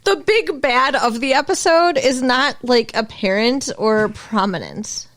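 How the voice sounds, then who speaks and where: A woman's voice: sits high, animated, unhurried, fairly bright tone. A woman co-hosting a casual chat podcast, blunt and teasing, who laughs often. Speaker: podcast co-host.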